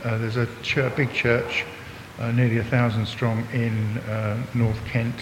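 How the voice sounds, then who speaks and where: A man's voice: flat delivery, a little slow. An Englishman in his sixties, a visiting preacher giving a chatty, joking church talk that draws in his listeners. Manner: chatty and jokey, talks to the congregation. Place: church hall. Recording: long hall reverb, faint rumble.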